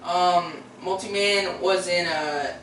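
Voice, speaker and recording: Speaking slowly with fairly even intonation, a teenage boy with a high-pitched, slightly bright voice hosts a casual vlog. He's hesitant and rambling, full of fillers and restarts, and the distant mic catches roomy echo and faint background noise.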